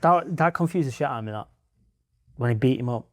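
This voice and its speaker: Man, podcast co-host, casual chat, animated, swears a lot, dry close sound. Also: medium pitch, fairly quick, dry recording.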